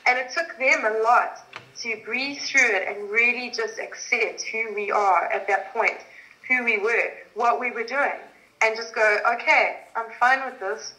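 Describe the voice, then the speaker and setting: Woman from south africa chatting, high bright voice, laughs a lot, echoey room. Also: unhurried. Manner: laughing, animated storytelling. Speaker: interview guest. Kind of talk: casual chat.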